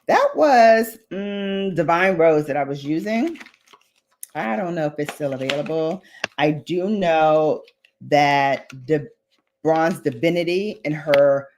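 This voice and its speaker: A woman with a deep voice hosts a relaxed makeup livestream. She talks in an unhurried way, reads out comments from her viewers and wanders onto tangents. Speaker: beauty vlogger hosting a livestream. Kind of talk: casual chat while doing makeup.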